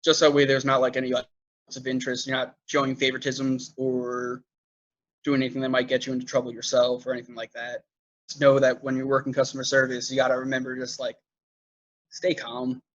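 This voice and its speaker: A man's voice: medium pitch, completely flat delivery, a little fast, lo-fi sound. A man who manages a movie theater, guest in a casual interview, talking loosely with lots of fillers. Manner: loose storytelling with many fillers.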